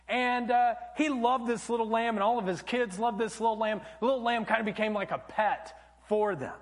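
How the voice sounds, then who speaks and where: Pastor guy preaching, high voice swinging all over, long church echo. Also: moderate pace. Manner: animated storytelling, dropping to a hush for emphasis. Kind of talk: sermon. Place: church auditorium. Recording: long church hall reverb.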